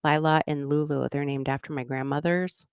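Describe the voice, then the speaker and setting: A woman's voice: low-pitched, fairly even intonation, normal speed, clean tone, no room sound, clean studio sound. A middle-aged woman hosting a true crime channel, chatting casually and rambling with frequent laughs. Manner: rambling, laughs often, slips into goofy voices. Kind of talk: casual livestream chat.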